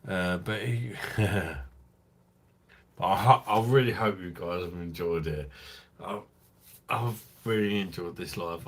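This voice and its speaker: A man's voice: low voice, fairly bright tone, husky. A tipsy man hosting a late-night live stream, talking in crude, rambling, affectionate chat to his viewers.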